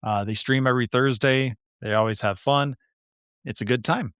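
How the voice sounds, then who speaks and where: Chatty Midwestern man, smooth dry voice. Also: medium pitch, normal speed, a bit bright, no room sound. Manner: chatty, rambling, self-deprecating. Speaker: podcast host. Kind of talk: casual chat.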